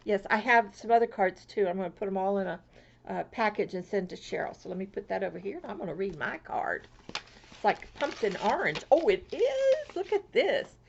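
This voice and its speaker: A woman from Florida chatting casually to her viewers as she opens mail, gushing and excitable and swooping high over each gift. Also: a little fast, vocal fry, slight background noise. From Florida, USA. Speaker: crafting vlogger. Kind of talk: casual chat opening mail. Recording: lo-fi home video sound.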